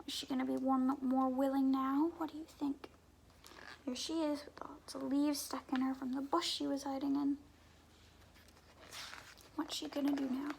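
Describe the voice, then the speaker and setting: Brief: woman reading a storybook to kids, gravelly, unhurried, lots of whispered questions. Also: high-pitched, flat delivery. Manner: gentle questions to young listeners, often dropping to a whisper. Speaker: story time reader. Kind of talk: reading a picture book aloud to children.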